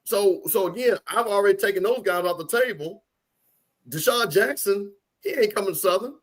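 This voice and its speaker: Sports co-host, male, high-pitched, plainspoken, hammers his points. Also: animated, moderate pace. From Louisiana. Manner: blunt, opinionated, repeats points for emphasis. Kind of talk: casual sports talk.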